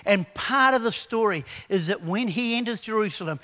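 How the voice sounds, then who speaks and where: A man preaching a sermon, animated and conversational, telling stories to his congregation. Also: high voice, moderate pace. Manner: animated preaching with acted quotes; conversational storytelling. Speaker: pastor.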